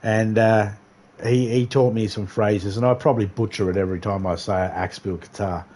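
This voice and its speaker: A man's voice: fairly low pitch, steady tone, normal speed, darkish tone. A man on a game livestream casually telling a rambling, profane story and laughing often. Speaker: livestream gamer.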